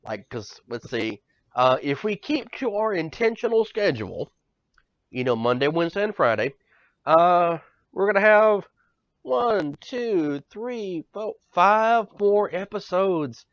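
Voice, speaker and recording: A man's voice: sits high, very animated, a little slow, dry recording. Ranting, stammering man on a podcast. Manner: ranting, profane, stammers and repeats. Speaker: podcast co-host. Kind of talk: casual banter. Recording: dull lo-fi sound, dry.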